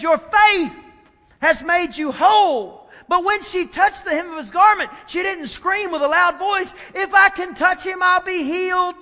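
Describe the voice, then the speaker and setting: High, bright-voiced preacher in a reverberant church. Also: male voice. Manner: dramatic swings between soft asides and loud emphatic preaching. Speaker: pastor. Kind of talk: sermon. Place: church sanctuary.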